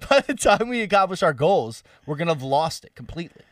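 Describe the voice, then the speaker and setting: A man's voice: fairly high pitch, very animated, fast, dry recording, clean studio sound, recorded from a distance. A young man co-hosting a podcast, talking in a casual, crude and teasing way. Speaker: podcast co-host. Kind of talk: casual chat.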